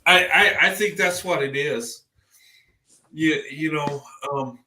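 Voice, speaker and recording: A man's voice: on the high side, slow, sharp tone, reverberant. A man in casual conversation as a podcast host, rambling and restarting his words as he talks. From American South. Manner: rambling, repeats words when starting a thought. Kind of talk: casual chat.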